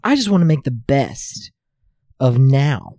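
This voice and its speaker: A speaker in casual conversation, talking earnestly and reflectively with halting restarts. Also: mid-range voice, sing-song, mellow, no echo, clean studio sound.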